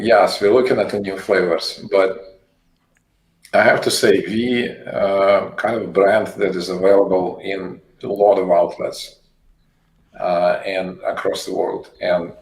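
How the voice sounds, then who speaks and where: Low-voiced man with halting, repetitive answers. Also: darkish tone. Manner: halting, repeats words while searching for phrasing. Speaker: company CEO guest. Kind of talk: interview answers. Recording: echoey room with faint noise.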